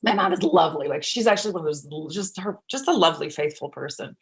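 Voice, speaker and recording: A woman from Kansas, a guest on a talk show, telling a personal story in a lively, chatty way and acting out what others said. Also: low voice, quick pace, creaky, husky. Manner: animated, acts out quotes. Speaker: actress guest. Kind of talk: casual storytelling.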